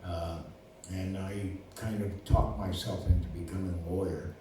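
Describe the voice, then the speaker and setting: A lawyer in his seventies, appearing as a guest, tells casual stories in a rambling way full of fillers and restarts. His voice is low and steady at a moderate pace. The recording sounds roomy and distant, with faint noise.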